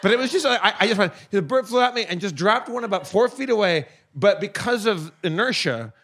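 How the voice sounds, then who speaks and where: A man co-hosting a comedy podcast, telling a story in a lively, laughing way with lots of stammered restarts. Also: high voice, brisk, slight background noise. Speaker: podcast co-host.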